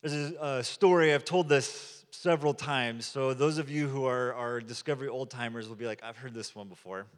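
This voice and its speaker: A man's voice: mid-range voice, normal speed, few pauses. A man, a pastor, preaching a sermon in a conversational storytelling manner, acting out quotes as he goes. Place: church sanctuary. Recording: long hall reverb.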